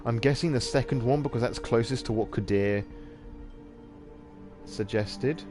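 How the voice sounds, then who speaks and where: A man's voice: medium pitch, unhurried, music in the background. A man hosting a live-streamed read-through of a story game, narrating and dropping casual asides. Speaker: podcast host.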